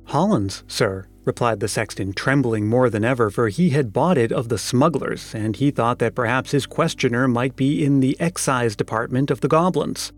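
A man reading a classic story aloud in a measured, expressive narration. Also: mid-range voice. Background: faint music.

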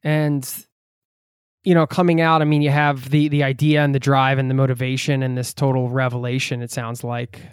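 Smooth-voiced male podcast host. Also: mid-range voice, level tone, moderate pace, dry recording, clean studio sound. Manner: curious, hesitant phrasing. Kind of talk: interview questions.

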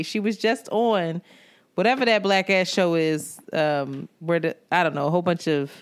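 A podcast co-host with a slightly low, smooth, clear voice chats casually and swears a lot. She talks frankly and loosely, like a friend, candid and profane, laughing frequently.

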